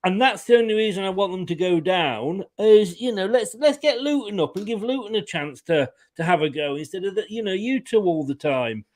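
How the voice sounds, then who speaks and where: Lively man with a high voice bantering. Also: fairly quick, few pauses, dry recording. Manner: animated, laughs often, stumbles and repeats words. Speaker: pundit guest. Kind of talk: casual football banter.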